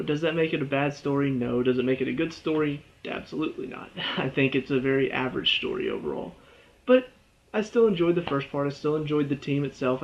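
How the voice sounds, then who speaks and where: A man with a slightly higher-than-usual voice talks through a video game review in a loose, rambling way, stopping to correct himself and chuckling often. The recording sounds muffled and lo-fi. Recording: dull lo-fi sound.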